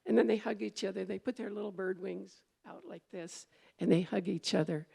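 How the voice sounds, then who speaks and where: A woman's voice: medium pitch, steady tone, brisk, gravelly, warm tone, husky. A woman minister giving a conversational sermon, meandering, with fillers and restarts as she goes.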